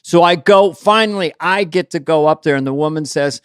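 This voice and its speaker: A man co-hosts a loose comedy conversation, his voice sitting a little higher than most. He tells animated stories and keeps breaking into goofy voices. The sound is dry and close. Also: fairly quick, smooth, no room sound. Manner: animated storyteller, bursts into voices. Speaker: co-host. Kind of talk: casual comedic chat.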